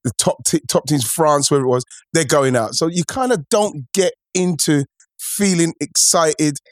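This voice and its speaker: A man hosting a casual football podcast, talking in a rambling, excitable way with many restarts. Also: a little high, normal speed, no echo, studio quality. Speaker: podcast host.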